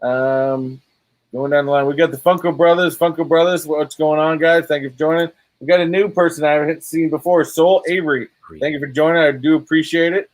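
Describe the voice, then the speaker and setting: Man, livestream host, rambling and filler-heavy, slightly high voice, dry close sound. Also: fairly even intonation, a little fast, no echo. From Boston. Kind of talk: casual livestream chat.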